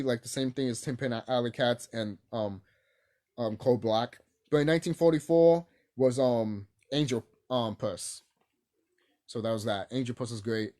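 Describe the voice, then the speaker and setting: A man giving a casual, unscripted cartoon review, rambling and swearing, with many fillers and restarts and sudden jumps in pitch and loudness. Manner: excitable, big swings in pitch and loudness.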